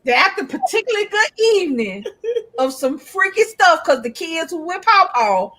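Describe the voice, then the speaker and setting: Woman co-host, casual chat; blunt, profane, quick to laugh; high, expressive voice.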